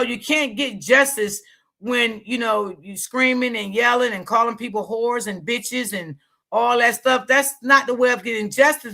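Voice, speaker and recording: A woman hosts a casual live commentary stream. Her voice sits high and sounds bright and sharp. She gives her opinions bluntly and answers her chat as she goes. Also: gravelly. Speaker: commentary livestream host.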